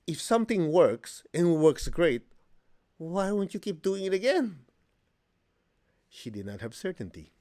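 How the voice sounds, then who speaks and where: A man teaching a meditation and healing class, plain-spoken and humorous, asking the class questions and acting out quotes with sudden high jumps in pitch. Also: sing-song, a little slow, pauses often, dark tone. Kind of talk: spiritual class talk.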